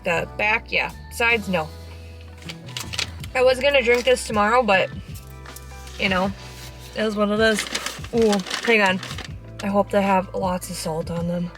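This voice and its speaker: A young woman chats straight into her phone camera from a parked car, frank, cheeky and full of slang and the odd swear word. Her voice sits in an ordinary middle pitch, and she keeps talking through mouthfuls of food. Faint music plays in the background. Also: sharp tone. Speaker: vlogger. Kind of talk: casual vlog chat.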